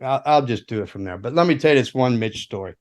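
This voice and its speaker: A man's voice: mid-range voice, animated, quick pace, a little mellow. Profane older man telling road stories. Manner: rambling, profane, laughing anecdotes with voiced quotes. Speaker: guest, former rock roadie. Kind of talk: casual storytelling chat.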